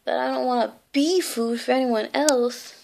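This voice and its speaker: A grumbling, sarcastic storybook cat who thinks mostly of food, voiced by a woman reading aloud. He sounds high and a little gravelly, with a dry, put-upon edge. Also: steady tone, moderate pace, darkish tone, slight background noise. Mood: nervous. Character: lazy greedy sarcastic male cartoon cat.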